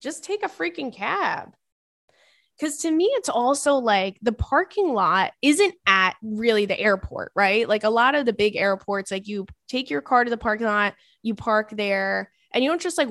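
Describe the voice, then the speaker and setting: A woman's voice: medium pitch, a bit bright, dry recording, studio quality. A woman in her thirties hosting a podcast, chatting casually and reading listener emails, with rambling asides and plenty of swearing. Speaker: podcast host.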